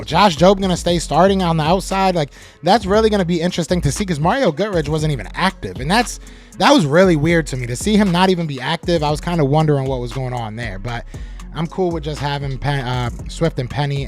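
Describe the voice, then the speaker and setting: A man hosting a live sports podcast, reading chat comments aloud and answering them with animated trash talk. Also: a little high, fast talker, faint music behind.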